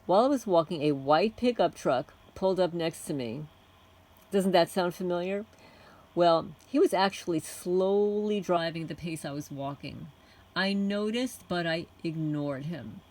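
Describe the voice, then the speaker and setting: A woman channel host reading a written testimony aloud in a soft-spoken way, chuckling often. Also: fairly low pitch, unhurried, poor audio.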